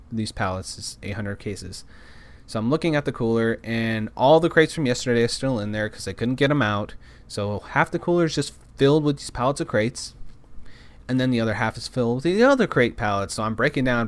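A man telling a work story in a casual monologue, rambling, repeating words and cursing now and then. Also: mid-range voice.

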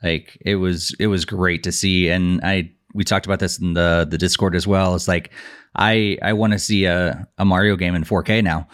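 Man, very deep voice, casual podcast chat, halting restarts, occasional laughs. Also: a bit bright. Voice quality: halting, many restarts and fillers. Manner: chatty, laughs now and then. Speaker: podcast co-host.

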